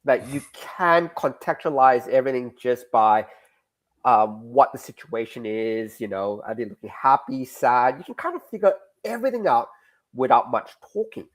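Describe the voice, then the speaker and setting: Comic creator on a podcast, animated and rambling, pitch swinging widely. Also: male voice. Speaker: comic creator, interview guest. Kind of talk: explaining in a casual podcast interview.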